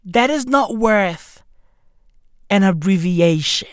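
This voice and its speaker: A woman's voice: on the high side, sing-song, slow pace, long pauses, a bit bright, dry recording, studio quality. A woman delivering a profane, exasperated comedic rant full of slang. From South Africa. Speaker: comedian ranting to camera.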